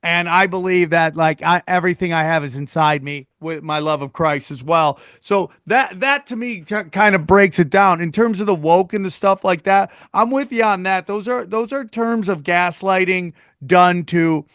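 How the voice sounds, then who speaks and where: A man's voice: sits high, normal speed, few pauses, fairly bright tone, smooth, no room sound, clean studio sound. A man hosting a podcast, talking in a loose, rambling, agreeable way in casual chat. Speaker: podcast host.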